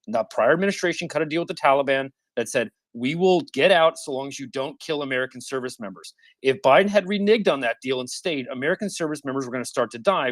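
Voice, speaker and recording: A man's voice: medium pitch, fairly bright tone, no room sound. A man in his thirties arguing passionately in an online audio discussion, insistent, cutting in and repeating himself. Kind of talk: heated debate.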